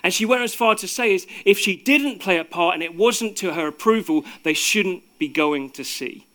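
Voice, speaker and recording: Guy telling a story, kinda high voice, lots of uhs, goes quiet for the tense bits. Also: expressive. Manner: unhurried storyteller with hesitant fillers, dropping soft for suspense. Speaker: speaker. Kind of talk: storytelling talk.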